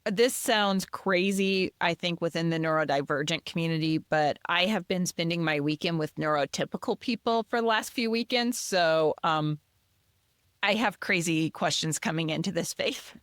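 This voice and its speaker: A woman host in a casual interview chat, animated and acting out the people she quotes. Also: on the low side, normal speed, clear, resonant tone, no room sound, studio quality.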